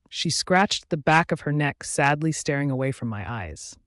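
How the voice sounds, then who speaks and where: A man narrating a romance audiobook in the first person, in an earnest, hurried manner. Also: fairly high pitch, no echo, studio quality.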